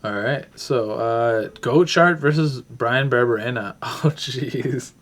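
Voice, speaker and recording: A man's voice: medium pitch, slow pace, fairly bright tone. A man hosting a casual talk show, rambling through a fight breakdown while thinking aloud with many fillers. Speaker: podcast host.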